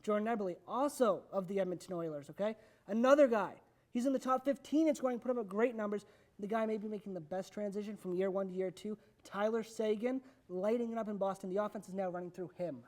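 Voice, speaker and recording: A young man co-hosting a casual sports debate, quick and teasing, arguing back at his partner. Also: high voice, a little mellow. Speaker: sports show co-host.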